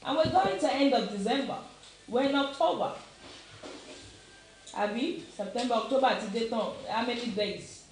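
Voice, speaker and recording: Pausing often at a normal pace, a middle-aged Nigerian woman with a Nigerian accent speaks in a slightly mellow voice on the high side. She's a commentator giving a fervent opinion talk, repeating questions emphatically and slipping into Yoruba. Recorded in a very echoey room, with faint noise.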